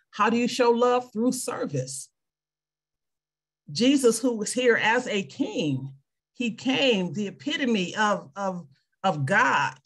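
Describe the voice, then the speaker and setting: A woman's voice: medium pitch, lively intonation, a little slow. A woman in her fifties, a veteran and clinic worker, reading scripture and then talking earnestly about faith and service over a video call. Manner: earnest, faith-centered, speaks from personal experience.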